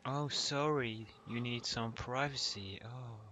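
A man's voice: medium pitch, takes it slowly, sharp tone, a little hiss or hum. A young man commenting nervously as he plays a horror game, joking and swearing as he goes. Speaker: gamer.

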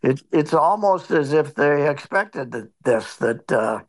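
A man's voice: a little high, animated, a little slow. A man, a sports columnist, chatting on a podcast as a guest, telling stories in a rambling, wry and grumbling way full of fillers and restarts. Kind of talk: casual podcast chat.

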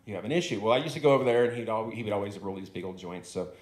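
A man's voice: fairly low pitch, animated, rapid-fire. A man doing stand-up comedy at an open mic, telling a rambling, swearing story into a handheld microphone in a club. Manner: rambling, profane, conversational. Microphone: handheld stage microphone. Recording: echoey club room.

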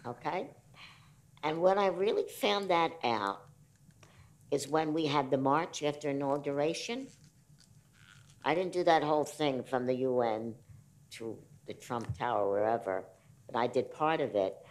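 A woman's voice: rumbling low, a little slow, pauses often. A woman on a discussion panel, talking bluntly and emphatically about her experiences. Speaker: panelist, disability rights activist. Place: festival screening venue.

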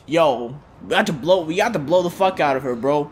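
A young man commenting on his own gameplay in loose slang, excitable and swearing constantly. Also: on the high side, fairly quick, noisy background. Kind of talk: casual let's-play commentary.

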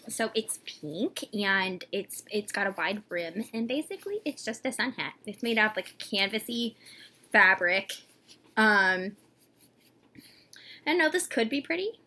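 A woman vlogging an unboxing in a casual, gushing way, a little congested from a cold and often slipping into a breathy whisper. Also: medium pitch. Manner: gushing and excitable. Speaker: doll collector vlogger. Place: at home with a dog.

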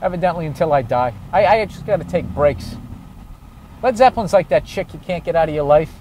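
A man doing comedy as he walks a city street outdoors, ranting loudly and sarcastically and swearing constantly. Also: fairly high pitch, expressive, fairly quick, a little hiss or hum. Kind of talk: profane ranting walking tour.

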